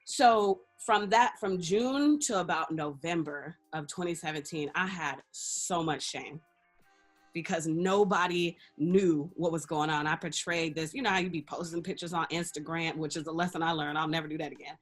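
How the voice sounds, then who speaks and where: Expressive woman telling her story, faint music. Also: deep voice, moderate pace. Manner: expressive, laughs often, acts out quoted dialogue. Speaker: interview guest, radio personality and life coach. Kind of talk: candid storytelling in a casual interview.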